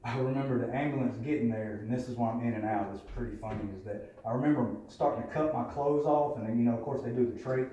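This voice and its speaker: A man tells his story at a recovery meeting, blunt and profane. His voice is dark and mellow, caught from a distance in a very echoey room with a faint murmur behind. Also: medium pitch, quick pace, few pauses, muffled recording. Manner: candid, profane, plainspoken storytelling. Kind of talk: personal testimony.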